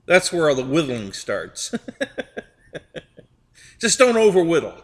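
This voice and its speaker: A man's voice: on the high side, big pitch swings, slow pace, long reverb tail. A man hosting a live stream, chatting casually with viewers, rambling and repeating his words and laughing often.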